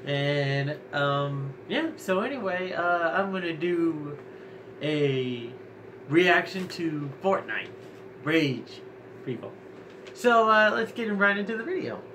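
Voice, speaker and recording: A man hosting a reaction video, talking casually in a halting way with many ums and apologies. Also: a little high, animated, noisy background.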